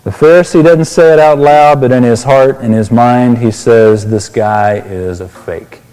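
A man's voice: medium pitch, a little slow, mellow, smooth, long reverb tail, poor audio. A pastor preaching a sermon, explaining a Bible passage and asking his listeners questions.

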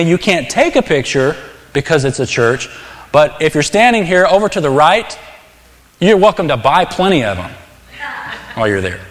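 A man preaching a sermon, talking in an earnest, conversational way and stressing key words emphatically. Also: on the high side. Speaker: pastor. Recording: long hall reverb.

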